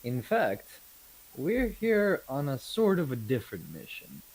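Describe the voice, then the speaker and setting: A man's voice: mid-range voice, huge pitch swings, a little slow, darkish tone, slightly rough, voice pushed up, exaggerated voice, rough recording. A man playing a persuasive British trader. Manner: formal, persuasive speech. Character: bold male British merchant, persuasive and bluffing.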